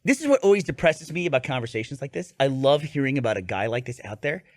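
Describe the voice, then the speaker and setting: A man's voice: mid-range voice, sing-song, fast talker, no echo. A man hosting a podcast in a playful, casual chat. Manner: playful, laughs easily.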